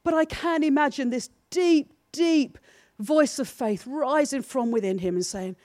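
Earnest high-voiced woman preaching. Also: measured pace, no room sound, clean studio sound. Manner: earnest, builds from soft confessional to emphatic. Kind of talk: sermon.

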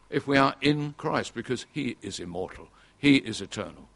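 A man's voice: medium pitch, expressive, moderate pace, a bit bright, husky. An older man preaching an earnest sermon, repeating key phrases for emphasis.

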